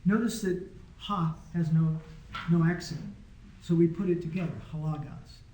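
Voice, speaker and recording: Relaxed man teaching in an echoey room. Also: on the high side, normal speed, muffled recording, slight background noise. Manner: patient, conversational, often checking understanding. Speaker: Greek teacher. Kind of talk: informal classroom lesson. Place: small classroom.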